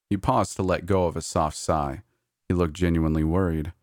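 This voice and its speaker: A man narrating a scripted horror story in a measured, steady way. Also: low-pitched, no room sound, studio quality.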